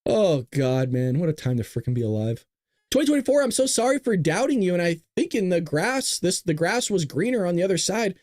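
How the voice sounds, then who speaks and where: A man with a high-pitched but darkish voice, marked by big pitch swings, rants fairly quickly on his political livestream show. He's heated and profane, swearing plenty, recorded in a small closet with no echo.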